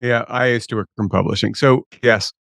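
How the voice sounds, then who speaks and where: A man's voice: medium pitch, steady tone, normal speed, gravelly, fairly bright tone, dry recording, clean studio sound. A man co-hosting a casual interview who makes wry, self-deprecating remarks.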